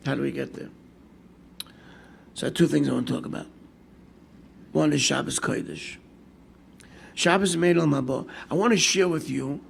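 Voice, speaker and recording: A man's voice: fairly high pitch, creaky, a little hiss or hum. An older man, a rabbi telling stories in a sermon and acting out the people in them. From United States. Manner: storytelling with lively quoted asides, mixing Hebrew and Yiddish terms. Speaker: rabbi giving a Torah class.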